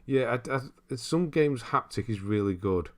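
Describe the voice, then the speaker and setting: A young man hosting a casual livestream, reading viewer comments aloud and thinking out loud in a rambling way with frequent chuckles. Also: mid-range voice, expressive, normal speed. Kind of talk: casual live-stream chat.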